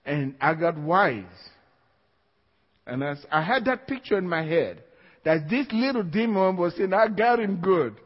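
High-voiced preacher in a reverberant hall. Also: male voice, animated, a little slow. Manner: emphatic, repeats key phrases, laughs between points. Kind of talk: sermon. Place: church hall. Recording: dull lo-fi, long hall reverb.

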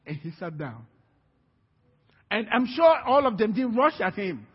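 High-voiced husky male preacher. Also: unhurried. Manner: lively storytelling, acting out scenes with voices. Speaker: pastor. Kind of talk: sermon. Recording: reverberant hall, dull sound.

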